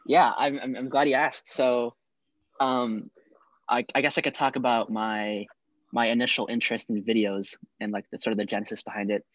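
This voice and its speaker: A man's voice: mid-range voice, level tone, normal speed, no room sound. Laid-back young man, dry dull sound. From Chicago area, US Midwest. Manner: laid-back, chatty, laughs often. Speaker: grad student interviewee. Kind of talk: casual chat.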